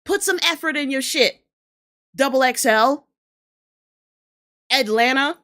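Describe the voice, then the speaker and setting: A woman's voice: high voice, takes it slowly, pushed and bright. A woman with a New Orleans accent hosting a casual reaction show, talking bluntly and profanely in heated rants. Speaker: host reacting to rap videos.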